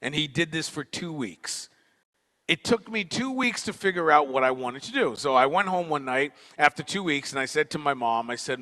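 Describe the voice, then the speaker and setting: A man giving a storytelling conference talk, playful and quick with joking asides. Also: on the high side, expressive, sharp tone. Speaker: keynote speaker and performer. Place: university auditorium. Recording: long auditorium reverb.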